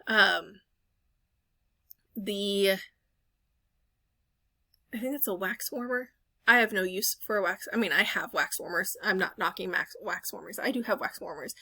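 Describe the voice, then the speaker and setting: A bright, forceful woman in her thirties talks through a thrift haul as a voice-over. She rambles in a friendly way, corrects herself mid-sentence and drops fillers. The sound is dry and close, with no room around it. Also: mid-range voice, a little slow, pauses often, slightly rough, dry recording. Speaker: reseller vlogger. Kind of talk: casual voice-over chat.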